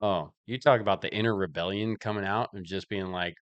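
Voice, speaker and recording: A man's voice: low-pitched, brisk, dry recording. A married man co-hosting a podcast in casual chat, easygoing and rambling as he tells stories. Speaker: podcast co-host.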